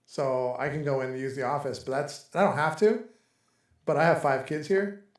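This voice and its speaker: A man's voice: a little high, fairly even intonation, normal speed, roomy sound. A man hosting a casual chat among friends, talking in a loose, rambling way and laughing often. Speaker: podcast host. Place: home in Texas.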